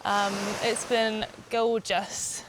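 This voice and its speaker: A woman's voice: fairly high pitch, level tone, extremely slow, background noise. A woman from the UK co-hosting a vlog, chatting casually while walking along a beach. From United Kingdom. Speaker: vlog co-host. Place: outdoors on a beach.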